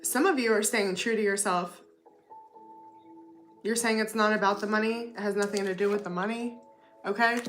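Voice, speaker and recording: A woman's voice: mid-range voice, fairly even intonation, normal speed, pauses often, music in the background. A woman giving a casual tarot reading to her viewers, chatty, often adding "okay?" and "you know what I mean?". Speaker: tarot reader.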